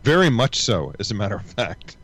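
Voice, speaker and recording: A man's voice: on the low side, sing-song, brisk, a bit bright, breathy edge. A man in a casual group chat, recounting stories in a dry, matter-of-fact way.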